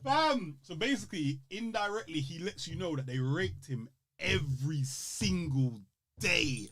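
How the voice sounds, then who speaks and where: A man's voice: a little high, animated, a little slow, fairly bright tone. A man co-hosting a podcast in casual chat, reacting with big exclamations and frequent laughter. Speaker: podcast co-host.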